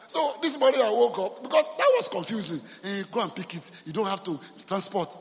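A Nigerian man preaches from the pulpit, telling his story with lively, animated delivery and dropping in Yoruba phrases. His voice sits fairly high for a man. The sound rings out with the long reverb of a church hall. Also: fairly quick, slight background noise. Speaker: pastor. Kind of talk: sermon.

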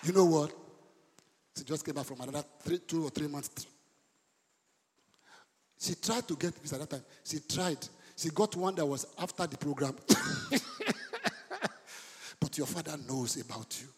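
Male pastor, passionate sermon, raised voice, husky, live in an echoey church hall. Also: on the high side, moderate pace, pauses often. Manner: impassioned preaching, rising to shouts.

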